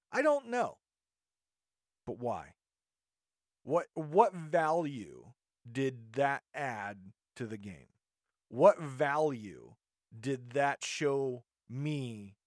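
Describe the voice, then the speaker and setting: A man's voice: mid-range voice, no echo, clean studio sound. A man hosting a podcast, ranting indignantly in a monologue and often restarting his sentences. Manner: indignant, rambling with frequent restarts. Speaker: podcast host.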